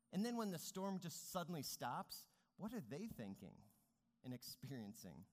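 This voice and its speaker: A man's voice: high-pitched, sing-song, normal speed. A man preaching a sermon as pastor, speaking earnestly with rising and falling emphasis. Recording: long reverb of a large hall.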